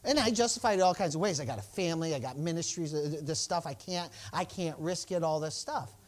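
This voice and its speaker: A man's voice: fairly high pitch, fast talker. A male pastor preaching a sermon, telling a personal story and acting out the exchanges, with stammered restarts and bursts of praise. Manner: exclamations of praise.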